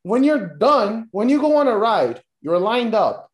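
A man co-hosting a casual wrestling podcast, ranting with heavy profanity and bursts of mock shouting. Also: sits high, very animated, unhurried, reverberant. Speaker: podcast co-host.

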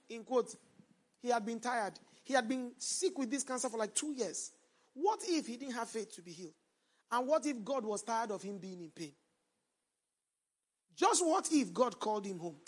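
High-voiced man preaching call-and-response. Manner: call-and-response preaching, prompting the congregation to finish lines; swings between loud emphatic lines and quiet storytelling. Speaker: pastor. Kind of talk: sermon. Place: church before a congregation, also streamed online.

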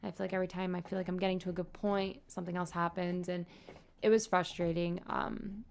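A woman's voice: lowish voice, flat delivery, quick pace, creaky, darkish tone. A young adult woman, a nurse, speaks candidly and earnestly about her own experience in a casual vlog. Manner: candid and earnest, talking openly. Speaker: nurse sharing her own health story. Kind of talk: casual personal vlog talk.

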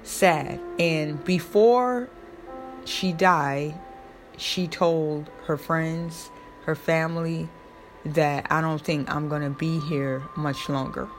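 A woman's voice: low voice, steady tone, takes it slowly, faint music behind. A young woman talking casually and emotionally, rambling with many fillers and restarts. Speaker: host. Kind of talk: casual personal talk.

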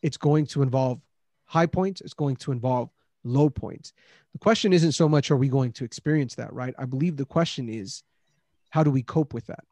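A man's voice: mid-range voice, normal speed, mellow, no room sound. A man hosting a Christian discussion, speaking earnestly with many restarts and rising emphasis on key points. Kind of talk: casual faith discussion.

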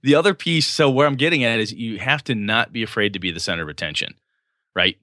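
A man hosting a casual talk about running tabletop games, animated and laughing, acting out scenes and swearing freely. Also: lowish voice, fast talker, no echo, clean studio sound. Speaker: podcast host and game master.

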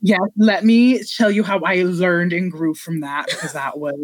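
A woman's voice: fairly low pitch, fairly even intonation, moderate pace, dry recording. A woman co-hosting a podcast in casual chat, talking frankly with lots of fillers and some swearing. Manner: chatty, filler-heavy, frank and profane. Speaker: podcast co-host.

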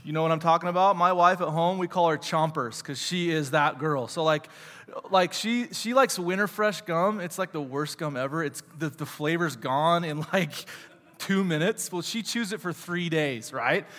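A man's voice: a little high, normal speed, a bit bright. A man in his thirties teaching a casual sermon in church, chatty and joking, with many fillers and questions to the audience. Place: church sanctuary. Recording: long hall reverb.

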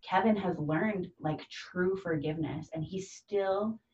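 A woman's voice: on the low side, measured pace, darkish tone. A woman in her thirties talking earnestly and from the heart in a casual conversation, acting out the voices of the people she quotes. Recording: dull, distant, echoey room.

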